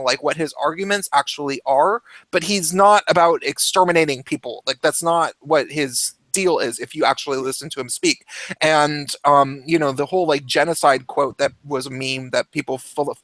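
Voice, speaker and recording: A man's voice: fairly high pitch, normal speed, a bit bright, dry recording. A man in casual opinionated chat who talks in a heated rush, swears a lot and restarts his sentences often. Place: home, cat nearby.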